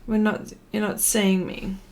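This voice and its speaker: A woman's voice: mid-range voice, little pitch movement, measured pace, a little mellow. A middle-aged Australian woman hosting an art livestream, chatty and a bit flustered as she greets viewers by name. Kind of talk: casual live-stream chat.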